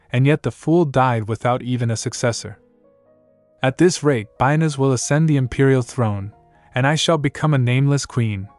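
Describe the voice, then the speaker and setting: A scheming young royal woman with a formal, commanding tone, as a man reads her lines, a mid-pitched voice with no room sound at all, soft music running underneath, the delivery of a storybook recap. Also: no echo, lightly acted. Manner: cool, formal, commanding speech. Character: proud, clever young princess scheming for the throne.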